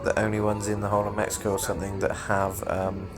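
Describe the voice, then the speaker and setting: A man's voice: on the low side, completely flat delivery, quick pace, loud music behind the voice. A British man giving casual travel commentary outdoors from an open-top tour bus, rambling and swearing freely. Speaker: travel vlogger. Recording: busy street crowd behind.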